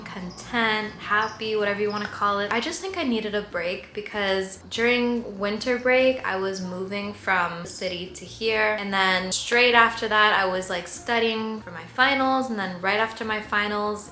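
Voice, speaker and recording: A woman's voice: mid-range voice, normal speed, hardly any pauses, pushed and bright. A young woman in her twenties chatting casually to camera in a Q&A vlog, saying "like" a lot. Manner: chatty, tearful at times, lots of "like". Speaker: vlogger. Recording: echoey room, faint cricket noise. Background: faint crickets.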